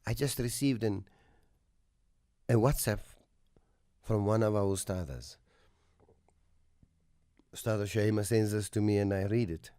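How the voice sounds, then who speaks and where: A man hosting a radio talk show, telling a moral story in a slow, earnest way that drops to a soft hush at its tender moments. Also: fairly low pitch, no room sound, studio quality. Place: radio studio.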